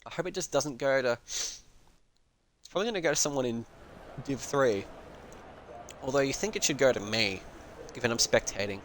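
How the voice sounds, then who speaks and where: A man's voice: medium pitch, normal speed, pauses often, fairly bright tone, a little hiss or hum, poor audio. A man giving casual, rambling live commentary on a sim racing stream, full of joking asides.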